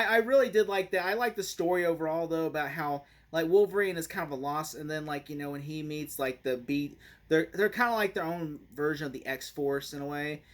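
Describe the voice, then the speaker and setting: A man's voice: a little high, fairly bright tone. A man giving a casual spoken movie review, rambling and laughing often.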